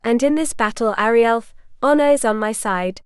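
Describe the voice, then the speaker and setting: A woman's voice: fairly high pitch, normal speed, smooth, no room sound, clean studio sound, lightly acted. A woman voicing a stern, devoted young medieval nobleman, in a firm, reassuring way.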